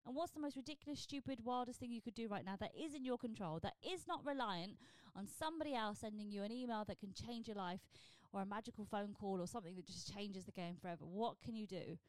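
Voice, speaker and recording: A woman's voice: mid-range voice, quick pace, hardly any pauses, no echo. A woman, a stand-up comedian talking blunt and sweary in a casual solo podcast. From southern England. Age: 40s. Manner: blunt, sweary, animated with comic asides.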